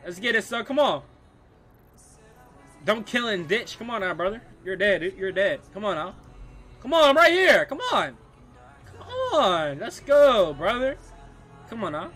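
A man's voice: high-pitched, measured pace, pauses often, soft background music. Hyped young male game streamer. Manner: excitable trash talk, constant "bro" and "dude". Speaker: gaming streamer. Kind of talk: live gameplay commentary.

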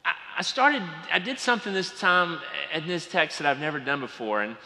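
A man from Atlanta with a Georgia Southern accent, preaching a sermon as pastor with folksy storytelling, often dropping to quiet asides. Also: a little high, big pitch swings, brisk. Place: large church sanctuary. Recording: long hall reverb.

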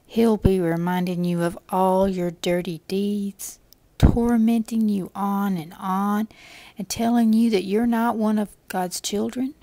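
Woman doing a devotional story, slow and whispery, super dry close sound. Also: medium pitch, steady tone, warm tone, dry recording. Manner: intimate, often whispering.

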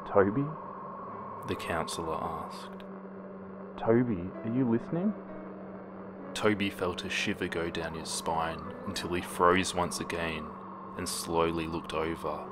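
Man, horror story narration, very deep voice, music playing behind. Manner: steady, dramatic reading with hushed moments.

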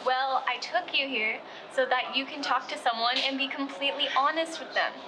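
A woman's voice: sits high, normal speed, background noise, natural voice. A young actress playing an outspoken, self-assured lesbian sophomore girl who teases bluntly. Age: teens.

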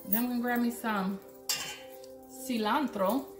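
Young woman from Puerto Rico, cooking vlogger, higher voice, chatty and joking, echoey kitchen with dishes clinking. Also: measured pace, music in the background. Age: young adult. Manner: chatty, joking, talks to viewers while chopping. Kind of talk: casual cooking demo. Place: home kitchen.

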